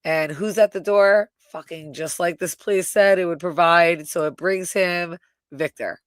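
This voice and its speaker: A woman co-hosting a live review, retelling scenes in an animated, casual way with frequent swearing and "right?". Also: lowish voice, measured pace, no echo, clean studio sound. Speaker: co-host reviewing a TV episode. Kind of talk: casual live recap chat.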